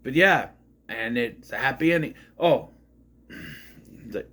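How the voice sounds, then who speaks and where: A man's voice: mid-range voice, expressive, measured pace, pushed and bright. A man in his thirties giving a casual, rambling movie review, retelling scenes and acting out the characters' lines.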